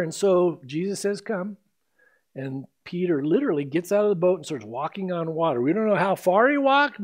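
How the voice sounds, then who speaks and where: High-voiced animated preacher man. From United States. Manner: animated storytelling, acts out quoted lines. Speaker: pastor. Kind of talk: expository sermon.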